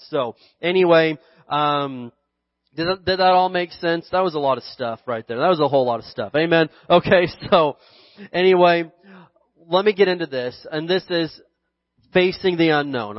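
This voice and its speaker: A man's voice: sits high, dry recording, muffled recording. A male pastor giving a casual, joking sermon and acting out the voices in the stories he tells. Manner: folksy and joking, acts out quoted voices.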